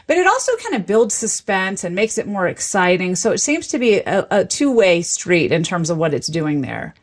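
A woman's voice: medium pitch, very animated, moderate pace. Enthusiastic woman linguist explaining. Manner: enthusiastic, lecturing, laughs often. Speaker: linguist guest expert. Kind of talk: explanatory interview talk.

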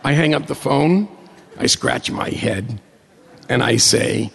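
A middle-aged man from New York State tells a funny personal story to an audience, mocking himself as he builds excitement. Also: medium pitch, takes it slowly, gravelly, husky, big-room sound. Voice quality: blind.

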